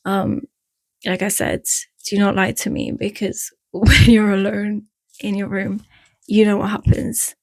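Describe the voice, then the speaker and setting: In a dry recording, a woman with a mid-range, darkish, creaky voice gives breakup advice with little pitch movement and an unhurried pace. She speaks to camera in a casual vlog, frank and chatty, with an Eastern European accent, drifting off topic and laughing at herself.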